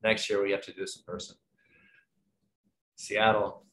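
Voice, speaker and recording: A man's voice: lowish voice, little pitch movement, moderate pace, fairly bright tone, a little hiss or hum. A man moderating an online panel, chatty and friendly, rambling with lots of fillers over a video call. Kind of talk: casual webinar hosting.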